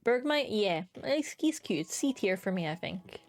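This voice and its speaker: A woman's voice: mid-range voice, very animated, unhurried, soft background music. Chatty young woman streamer, enthusiastic. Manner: chatty, enthusiastic, swears casually. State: hiccups. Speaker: streamer ranking creatures. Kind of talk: casual live-stream commentary.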